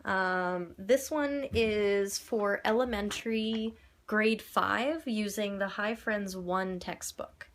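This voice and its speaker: A woman's voice: mid-range voice, takes it slowly. A young woman teacher casually explaining a classroom lesson, chatty, with many fillers and acted-out classroom prompts. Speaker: English teacher.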